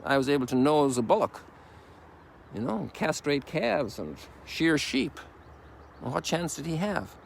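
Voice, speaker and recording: Fairly high and gravelly, his sing-song voice moves a little slowly over slight background noise. This Irish priest in his sixties gives a rambling, casual sermon outdoors on a sunrise walk, full of folksy asides.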